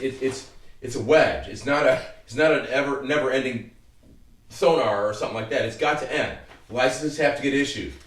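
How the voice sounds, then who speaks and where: Heated middle-aged man, roomy and distant. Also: mid-range voice. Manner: heated, rambling, profane. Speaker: legal commentary host. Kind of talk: casual solo commentary. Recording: roomy sound from a distant mic.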